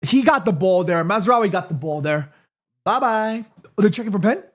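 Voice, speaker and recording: A man streaming a football watchalong, calling the play live and chatting to his viewers in an excitable, slangy way. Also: sits high, normal speed. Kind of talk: live play-by-play commentary and chat.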